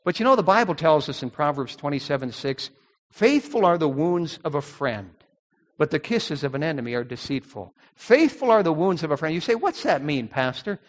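A man's voice: fairly high pitch, sing-song, brisk, long reverb tail. A man preaching a sermon as pastor, emphatic and rising on key words.

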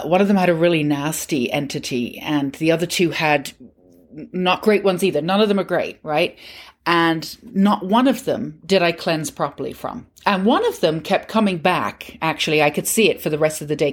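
A woman's voice: low voice, moderate pace. A middle-aged woman hosting a podcast and telling a personal story in a candid, conversational, self-mocking way. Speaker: podcast host.

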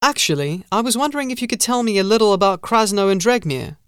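A man's voice: high voice, lively intonation, fast talker, a bit bright, clear, resonant tone, dry recording, clean studio sound, pitched above the performer's own voice. A man voicing a polite, curious traveler asking questions.

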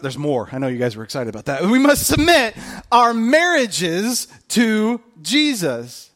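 Lively high-voiced joking pastor man. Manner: animated, joking and self-mocking. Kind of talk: sermon.

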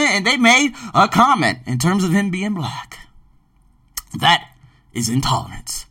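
A man hosting his own podcast, fairly high-pitched with a bright, pointed edge. He talks emphatically, leaping between loud bursts and quiet asides. The sound is dry and a little distant from the mic. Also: dry recording. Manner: animated, emphatic, swings from loud outbursts to low murmurs. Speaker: podcast host. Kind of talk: podcast book review monologue. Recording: dry, set back from the mic.

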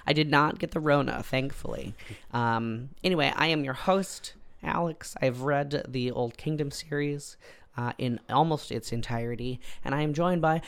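A man hosting a casual podcast chat, hoarse and croaky from a cold, jokey and relaxed with many ums. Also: medium pitch, moderate pace. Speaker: podcast host.

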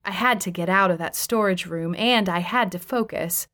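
A woman's voice: fairly low pitch, normal speed, a bit bright. Woman narrating a wry first-person story. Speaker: audiobook narrator.

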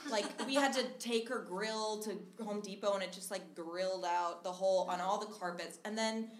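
At a live storytelling show, a young woman with a medium-pitched voice tells a personal story at a moderate pace. She's chatty, full of "like" and restarts, and acts out the quotes, recorded in an echoey room with faint noise.

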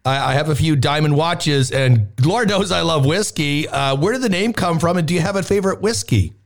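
A man's voice: on the high side, fairly quick. A man with a Canadian accent hosting a radio show, chatting casually with a guest and poking fun at himself. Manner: upbeat, joking, self-deprecating.

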